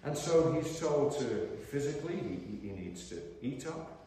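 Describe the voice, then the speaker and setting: An older man preaching a sermon at a convention, alternating between loud, impassioned declarations and quiet reflective passages. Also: medium pitch, lively intonation, moderate pace, slight background noise. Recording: echoey hall, heard from far off.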